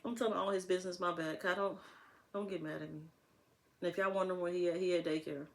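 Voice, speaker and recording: A woman's voice: fairly low pitch, fairly even intonation, fast talker, gravelly. A young woman talking casually to camera as a vlogger, rambling and laughing often.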